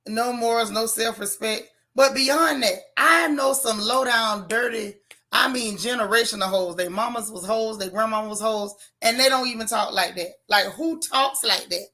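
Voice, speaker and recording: A woman's voice: a little high, normal speed, pushed and bright. A woman hosting a casual live chat, blunt and sassy, reading viewer comments aloud. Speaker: livestream host.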